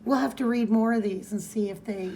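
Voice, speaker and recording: A woman's voice: fairly high pitch, a little fast, warm tone, a little hiss or hum. A woman co-hosting a podcast, chatting casually as she recaps a comic and reads its dialogue in playful voices. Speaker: podcast co-host.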